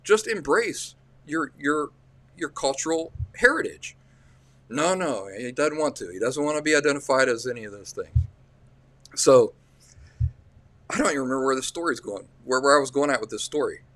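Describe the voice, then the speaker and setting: Appalachian man, livestream host, folksy and rambling, mid-pitched voice, restarts a lot. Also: animated, fairly quick, fairly bright tone, dry recording. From central Appalachia. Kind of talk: casual livestream storytelling.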